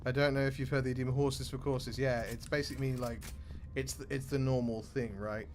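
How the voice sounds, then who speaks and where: A man's voice: mid-range voice, steady tone, fairly quick, darkish tone. A man with a British accent giving casual let's play commentary, chatty and full of joking asides. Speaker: gaming streamer.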